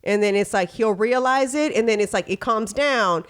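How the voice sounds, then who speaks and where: A Texan woman hosts a casual podcast, talking candidly with plenty of filler phrases and slipping into voices to act out bits of dialogue. Her voice is a little high and clean, at a moderate pace.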